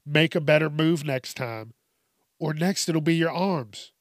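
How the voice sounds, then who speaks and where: A man's voice: on the high side, measured pace, dry recording, studio quality, lightly acted. A man voicing a menacing sentient male chess robot that issues cold, threatening commands.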